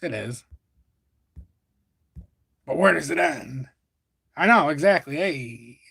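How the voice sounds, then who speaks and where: A man hosting a livestream, rambling as he works through charts and swearing freely. His voice sits a little high for a man and is picked up close and dry, with no room sound. He corrects himself and drifts off topic as he goes. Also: animated, slow, vocal fry, sharp tone, breathy edge, no echo. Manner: rambling, profane, self-correcting. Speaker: crypto livestream host. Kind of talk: casual livestream chart commentary.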